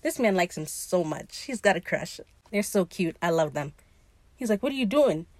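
A woman's voice: lowish voice, normal speed, no echo. Opinionated woman podcaster, dry close sound. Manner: opinionated, slangy and profane, animated retelling. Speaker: podcast host recapping a TV episode. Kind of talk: casual chat.

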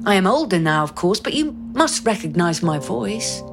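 A woman's voice: mid-range voice, very animated, moderate pace, over music. A woman actor delivering a scripted first-person dramatic monologue in an intimate, brooding way.

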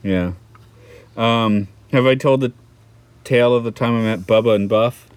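A man's voice: medium pitch, measured pace, clear, resonant tone, no echo. A man from Atlanta, co-hosting a podcast in casual chat, rambling and correcting himself as he tells stories. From Atlanta, United States. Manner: rambling, self-correcting storyteller. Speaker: podcast co-host.

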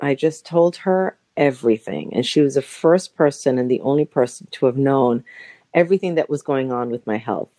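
A woman in her forties, guesting on a podcast interview in Los Angeles, chattily relates an emotional personal story, leaning on fillers and occasionally acting out quoted voices. She has a very deep, warm voice and a moderate pace, with no echo in the recording.

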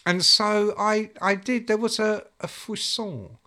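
A man in a casual chat, telling animated stories and acting out other people's voices. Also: high voice, takes it slowly. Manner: animated storyteller who acts out quoted voices. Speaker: guest recalling music journalism days.

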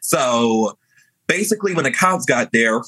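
A young man telling a story in an animated, sassy way, chatting casually. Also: mid-range voice, measured pace, slightly rough, dry recording, poor audio. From New Orleans. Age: young adult.

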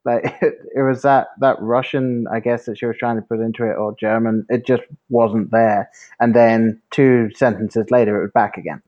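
A man's voice: mid-range voice, steady tone, moderate pace, highs cut off. A man guesting on a podcast, chiming in mildly and hesitantly on a film review. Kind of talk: casual film review chat.

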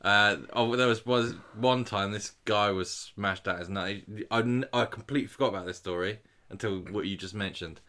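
A man's voice: lowish voice, normal speed, pushed and bright. A young man, telling a short story in casual chat, understated and dry.

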